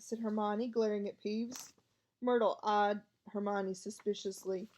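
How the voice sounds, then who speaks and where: A woman's voice: on the high side, measured pace. A woman narrating an audiobook, reading expressively. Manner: expressive, lively voices for each character. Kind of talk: storybook reading.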